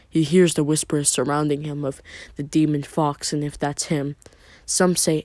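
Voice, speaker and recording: A man's voice: fairly high pitch, little pitch movement, moderate pace, a little mellow, no room sound. A man narrating a fan story in a plain, loosely improvised way with filler asides.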